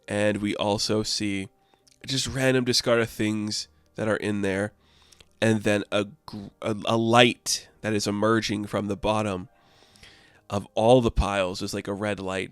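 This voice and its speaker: Clear-voiced man rambling through a comic review. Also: fairly low pitch, dry recording. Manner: opinionated, rambling with frequent fillers.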